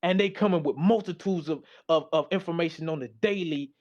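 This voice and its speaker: This tired man has a fairly high, slightly mellow voice and talks fairly quickly on a muffled recording. His presentation is loose and slangy; he reads the slides aloud and talks back to them.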